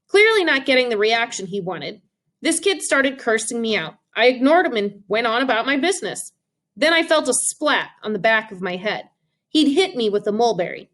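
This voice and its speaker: Woman, audiobook narrator, expressive, higher voice, lively. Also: normal speed. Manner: expressive storytelling.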